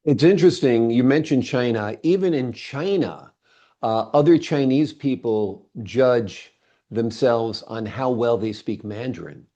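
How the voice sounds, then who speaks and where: A man hosting an interview and chatting in a relaxed, agreeable way. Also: mid-range voice, a little slow. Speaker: interview host. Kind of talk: casual conversational interview. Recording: dull lo-fi recording.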